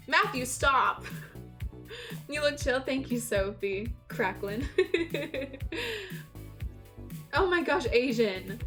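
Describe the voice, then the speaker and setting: A woman's voice: sits high, expressive, slow, pauses often, a bit bright, soft background music. A woman streamer chatting casually with her viewers, teasing them and laughing often.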